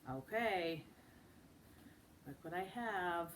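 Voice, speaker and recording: A woman teaching a children's phonics lesson. She models each sound slowly and with exaggeration, and breaks into sing-song chants. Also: lowish voice, lively intonation, a little hiss or hum. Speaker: speech and language teacher.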